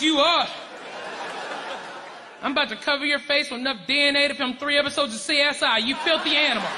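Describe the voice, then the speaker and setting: A man performs a brash, profane stand-up set, firing off punchlines in a strikingly high voice. The room is a big hall with long reverb, and a loud audience laughs throughout. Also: background noise. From Arkansas, US. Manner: brash, profane, punchy delivery with crowd work. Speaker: stand-up comedian. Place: large comedy venue with live audience.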